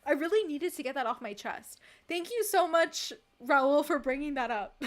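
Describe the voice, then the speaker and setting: A young woman with a high voice live-streams and chats casually with her audience at a moderate pace, hardly pausing. She rants animatedly and laughs often.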